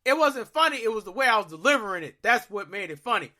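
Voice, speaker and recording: A young man on a podcast, telling a story in casual, profane chat that swings into loud, exasperated outbursts. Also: sits high, sing-song, fast. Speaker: podcast co-host.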